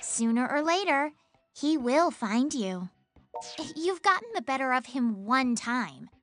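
A woman voicing a cool, scheming young idol in a video game, who talks in a teasing, condescending, measured way. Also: sits high, big pitch swings, a bit bright, soft background music, exaggerated voice. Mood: coolly taunting.

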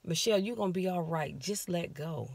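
A woman voicing a menacing male devil who softly coaxes her to let go. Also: fairly low pitch, brisk, gravelly, husky, dry recording. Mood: coaxing.

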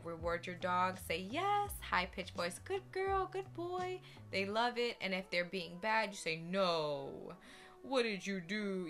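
A woman giving casual dog-training advice in a vlog, talking in an animated, expressive way. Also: medium pitch.

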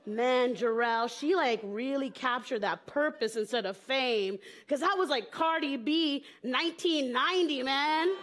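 A woman's voice: sits high, measured pace, hardly any pauses, fairly bright tone, a faint crowd. A woman comedian from the southern United States, telling playful stories on stage before a live audience. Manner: playful, storytelling with jokes. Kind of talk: stand-up talk on stage.

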